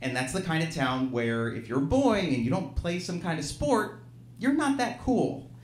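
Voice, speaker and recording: A man's voice: a little high, very animated, moderate pace, slight background noise. A man from Alabama telling a true story at a live storytelling show, self-deprecating and laughing through his lines. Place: live venue stage, audience present. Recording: roomy live venue sound.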